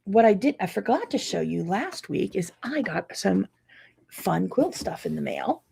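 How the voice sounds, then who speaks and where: A woman's voice: medium pitch, very animated, measured pace, creaky, dark tone, slight background noise. A woman who teaches quilting, chatting casually to viewers in a live update, tired and yawning from lack of sleep.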